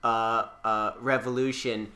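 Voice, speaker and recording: A man riffs on a comedy podcast with a bright, ringing voice at an ordinary middle pitch. He sounds earnest and indignant, stumbling into repeated words as he presses on. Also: little pitch movement, takes it slowly. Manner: earnest, indignant, stammering restarts.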